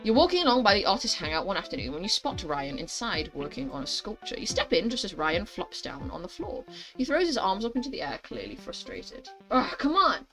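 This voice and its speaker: Young woman, gaming channel host, reads story game aloud, chatty asides, giggly, quick, faint music behind. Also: medium pitch, low-quality recording. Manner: animated, rambling, giggly storyteller.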